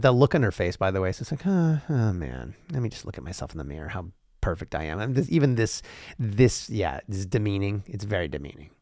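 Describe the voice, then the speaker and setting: Gravelly low-voiced man rambling sarcastically. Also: darkish tone, dry recording, studio quality. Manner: profane, sarcastic asides, frequent restarts and laughs. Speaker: podcast host. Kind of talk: rambling solo podcast monologue.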